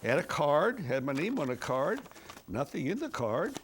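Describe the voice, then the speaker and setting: An older man, a veteran TV weatherman, telling a humorous anecdote in a wry, chuckling, animated way from a TV studio. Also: fairly high pitch, moderate pace, slight background noise. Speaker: TV weatherman and host.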